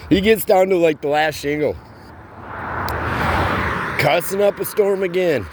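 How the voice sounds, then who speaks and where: A man's voice: a little high, animated, slight background noise. A man telling a casual, rambling story from his roofing work, with plain everyday slang. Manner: slow, rambling delivery with plain spoken slang.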